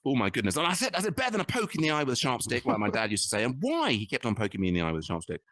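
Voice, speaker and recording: A man's voice: mid-range voice, huge pitch swings, racing, fairly bright tone. A man in his fifties doing crude stand-up in a virtual club, rambling and cutting himself off with stammered restarts. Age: 50s. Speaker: stand-up comedian.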